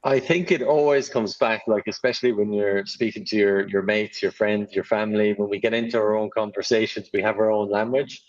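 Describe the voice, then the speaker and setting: A man in his thirties with a mild Irish accent softened by years in Australia and England, telling his story in a relaxed, chatty way as a podcast guest. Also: lowish voice, fairly quick, few pauses, dull audio. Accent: mild Irish, softened by Australian and English. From Ireland. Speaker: guest, sales professional. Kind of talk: conversational podcast interview.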